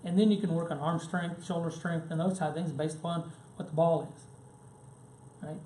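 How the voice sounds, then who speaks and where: A man's voice: on the high side, fairly even intonation, moderate pace, warm tone. Storytelling man in an echoey room. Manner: anecdotal, checks in with frequent "right?" and "okay?". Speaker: seminar presenter. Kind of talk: conversational business seminar talk. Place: seminar room. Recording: echoey room with faint background noise.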